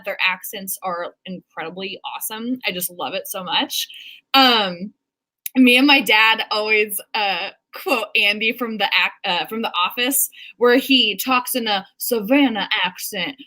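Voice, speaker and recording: A woman's voice: medium pitch, unhurried, bright, forceful tone. A woman in her twenties hosting a casual writing vlog over a video call, bubbly and giggly, often breaking into laughter. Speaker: host. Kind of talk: casual chat.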